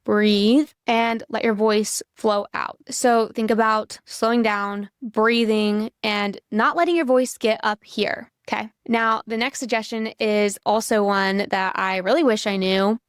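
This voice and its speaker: A young woman speaks straight to camera in a direct, coaching vlog, running through tips. Her voice sits slightly high. The sound is close and dry. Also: smooth, dry recording. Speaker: accountant content creator.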